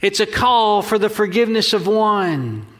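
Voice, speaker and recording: A man preaching a sermon as pastor, earnest and measured. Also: sits high, animated, fairly bright tone, in a large hall.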